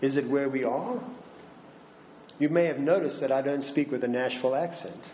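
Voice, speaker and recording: A man preaching a sermon slowly and deliberately, posing rhetorical questions to his congregation. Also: medium pitch, reverberant, lo-fi sound, a little hiss or hum. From Minnesota.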